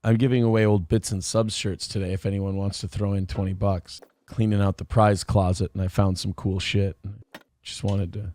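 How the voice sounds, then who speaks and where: A man's voice: low voice, level tone, normal speed, dark tone, no room sound. A middle-aged man hosting a live stream, reading paid comments aloud in a wry, teasing, sarcastic way. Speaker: host of a live streamed show.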